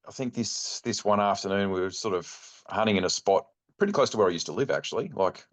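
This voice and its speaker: Middle-aged Australian male guest, low-pitched, loose and animated storyteller. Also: a little fast. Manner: rambling, animated anecdote telling with many fillers. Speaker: guest, bowhunting club chairman. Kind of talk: casual storytelling chat.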